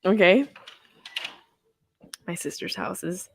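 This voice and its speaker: At home, a stoned woman in her thirties hosts a live movie watch-along, rambling and cracking crude jokes in casual chat. Her voice is fairly low, animated, and gravelly, and she takes it slowly, with a little hiss or hum in the background.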